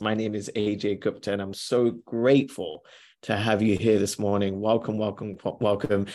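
A man's voice: on the low side, flat delivery, normal speed, darkish tone. A man hosting a live motivational podcast, upbeat and chatty, repeating his greetings and talking himself through his morning. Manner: upbeat, repeats greetings, self-talk asides. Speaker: podcast host.

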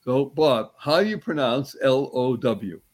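A man giving an animated, uplifting motivational talk as a guest. He quizzes his listener playfully and slows and stretches words to stress a point. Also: medium pitch. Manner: playful, teacherly, quizzes the host; spiritual, uplifting tone. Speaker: guest speaker.

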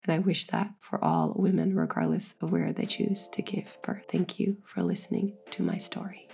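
A woman's voice: fairly low pitch, very animated, moderate pace, gravelly, dark tone. A pregnant woman frankly telling her own birth story, earnest and swearing freely. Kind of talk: candid personal storytelling.

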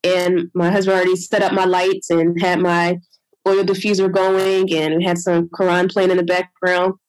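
A woman casually telling a long personal story as an interview guest, animated, full of "I'm like" and "you know", acting out her own past words in a higher voice. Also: normal speed, no room sound, rough recording.

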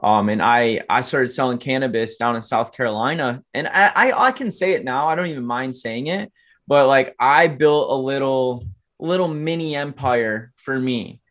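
A podcast guest in his twenties tells his life story earnestly and motivationally in a medium-pitched, fairly bright voice at a moderate pace. It's a candid storytelling interview, and he often speaks to listeners directly.

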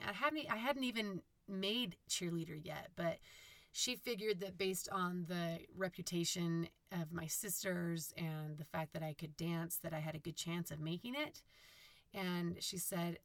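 A woman from Utah talks on her own podcast in a low, husky, raspy voice that sits deep for a woman. She rambles in a chatty way, full of "um"s and corrections. The recording is dry and close, with no room sound. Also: measured pace, fairly bright tone, dry recording. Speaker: podcast host. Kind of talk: casual solo podcast monologue.

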